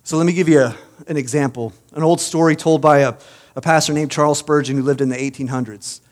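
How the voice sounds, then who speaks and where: A man's voice: on the high side, steady tone, fast, long reverb tail. A male pastor preaching a sermon, telling stories and building to emphatic, uplifting peaks.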